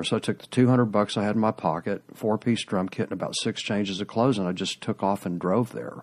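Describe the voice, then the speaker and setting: A man in his fifties, a guest musician, telling stories in a casual, rambling way with quick restarts. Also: lowish voice, fairly even intonation, a little mellow. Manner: rambling, quick, self-interrupting. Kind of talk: casual storytelling.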